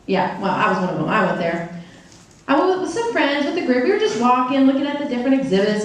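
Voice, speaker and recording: A woman interpreter voicing a deaf storyteller on stage for a live audience. She talks in an animated, playful way. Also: fairly high pitch, far from the mic, slight background noise. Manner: animated, playful, acts out quoted characters. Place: large room before a live audience. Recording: very echoey hall, picked up from afar.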